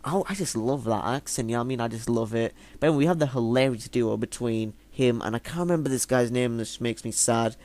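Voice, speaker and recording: A man's voice: medium pitch, quick pace, hardly any pauses, darkish tone. A young man casually reviewing a TV episode, rambling with lots of fillers and casual swearing. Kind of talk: casual video review monologue.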